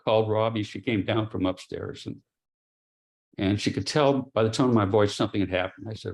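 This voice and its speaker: A middle-aged man, an interview guest, giving a grave personal account in a halting way, with pauses and restarts. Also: on the low side, fairly even intonation. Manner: quiet and grave. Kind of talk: personal testimony.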